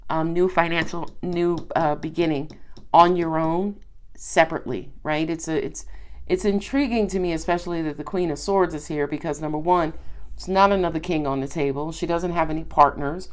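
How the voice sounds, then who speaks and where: A woman's voice: low-pitched, moderate pace, darkish tone. A woman with a Southern US accent giving a chatty, reassuring tarot reading to her viewers. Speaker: tarot reader.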